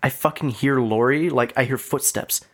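Animated, swearing male podcast storyteller. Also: medium pitch, moderate pace. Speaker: podcast co-host. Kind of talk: casual podcast chat.

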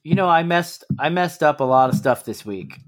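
A man's voice: fairly high pitch, animated, normal speed. A man co-hosting a casual woodworking podcast, reading sponsor and review plugs in an easygoing, jokey way. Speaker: podcast co-host. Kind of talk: casual podcast outro chat.

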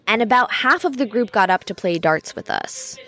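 A woman's voice: mid-range voice, lively intonation, moderate pace, sharp tone. A woman narrating a podcast episode in a conversational, scripted storytelling style.

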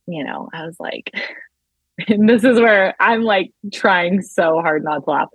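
A woman and mother of two, a podcast guest telling stories in a lively, laughing way. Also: medium pitch, measured pace, breathy edge, dry recording. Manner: animated storyteller, laughs often. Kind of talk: casual chat.

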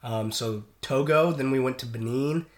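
A man's voice: medium pitch, moderate pace. Rambling male sailor telling stories. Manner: rambling, many restarts and fillers. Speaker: guest, merchant sailor. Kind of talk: casual storytelling.

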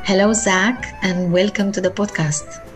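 A woman hosting a podcast interview, speaking in a measured, polite way with frequent fillers. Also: medium pitch, steady tone, faint music behind. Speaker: podcast host.

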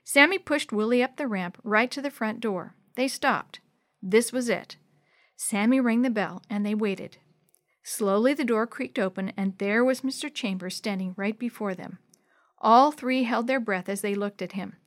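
A woman narrating a children's book chapter with clear, expressive storytelling. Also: fairly high pitch, normal speed, no room sound, studio quality.

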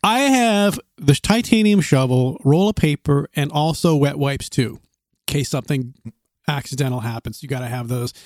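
A man casually telling a rambling, animated story on a podcast, full of restarts and laughter. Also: a little high, moderate pace, no room sound, clean studio sound. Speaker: podcast co-host telling trail stories. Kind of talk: casual chat.

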